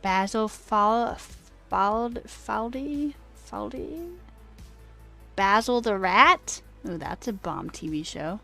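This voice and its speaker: A woman's voice: medium pitch, animated, slow, gravelly, bright, forceful tone, soft background music. A woman streamer chatting casually with her viewers, trailing off and answering chat as she goes. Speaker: coding livestreamer.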